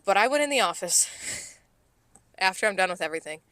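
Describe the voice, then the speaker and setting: A woman in her thirties, a restaurant server co-hosting a podcast, telling work stories in animated, profane casual chat. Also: medium pitch, normal speed, no echo. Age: 30s. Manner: animated, profane, acts out coworkers' lines.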